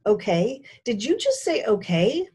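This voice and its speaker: A woman's voice: medium pitch, very animated, normal speed, husky, voice pushed up. A woman voicing an impatient, bossy female mouse adventurer in a read-aloud storybook. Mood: exasperated.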